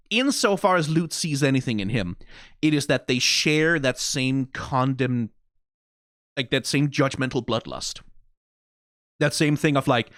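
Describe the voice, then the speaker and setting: A man giving casual, profane commentary as a video reviewer, animated and prone to mocking impressions. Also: mid-range voice, dry recording, clean studio sound.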